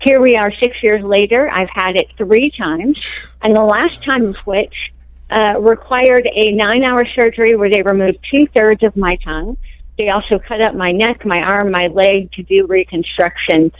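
A woman's voice: medium pitch, moderate pace, no room sound, narrow, tinny audio. A woman in her forties, a guest author calling in, telling her story in a friendly, candid way. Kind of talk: phone-in radio interview.

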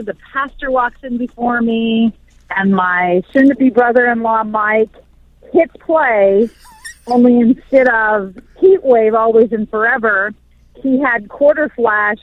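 A woman's voice: fairly high pitch, measured pace, no room sound. Chatty woman radio host, dull sound. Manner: chatty storyteller, laughs easily. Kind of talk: casual chat.

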